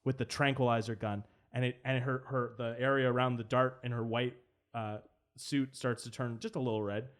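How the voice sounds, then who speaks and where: Man, comedy podcast co-host, improvised storytelling, halting restarts, mid pitch. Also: flat delivery. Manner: narrates scenes with halting restarts.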